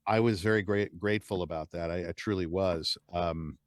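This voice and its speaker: Low, dry-voiced American man chatting. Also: normal speed, no room sound. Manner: animated, chatty storyteller who laughs easily. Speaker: guest, audiobook narrator. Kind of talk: casual interview chat.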